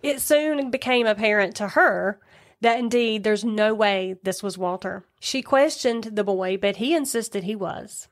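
Woman, podcast co-host, true-crime retelling, chatty asides, higher voice. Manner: chatty, reads the case aloud with asides.

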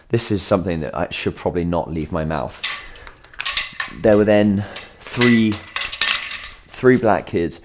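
A man's voice: low voice, darkish tone. A man telling a long, rambling anecdote in a casual vlog, full of self-deprecating jokes and asides. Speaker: vlogger.

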